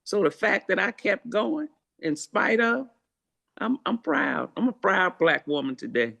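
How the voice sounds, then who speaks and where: A woman's voice: mid-range voice, very animated, measured pace, creaky, a bit bright. Casting: older woman, memoir author guest, earnest, repetitive, preacherly rhythm. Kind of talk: heartfelt interview answers.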